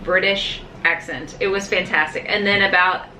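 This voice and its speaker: A woman's voice: on the low side, steady tone, normal speed, sharp tone, slight background noise, rough recording. A woman from the American South with a faint Southern accent, co-hosting a vlog in easygoing, dry banter. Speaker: vlog co-host. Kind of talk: casual chat.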